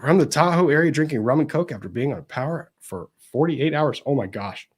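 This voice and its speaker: A man hosting a casual live stream, reading viewers' greetings aloud in a chatty way, his pitch swinging up and down as he goes. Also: expressive, a little fast, breathy edge. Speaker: livestream host of a legal commentary show.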